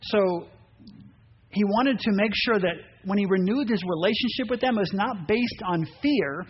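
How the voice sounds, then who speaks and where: A man preaching a sermon, animated, acting out voices and reading scripture aloud. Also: sits high, breathy edge. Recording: dull muffled sound with faint noise.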